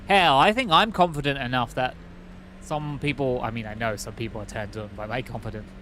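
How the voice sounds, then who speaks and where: A man's voice: medium pitch, a little fast, bright, forceful tone, a little hiss or hum. A man streaming a game, chatting in a rambling, joking, self-mocking way. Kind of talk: casual gameplay commentary.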